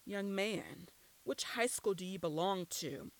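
A man's voice: high voice, measured pace. A reader voicing an indignant, stiff-backed old man who speaks in a stern, scolding way.

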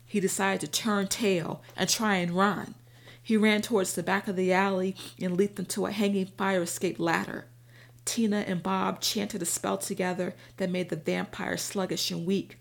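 A woman narrating a first-person audiobook in a steady, even storytelling manner. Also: medium pitch, moderate pace, gravelly.

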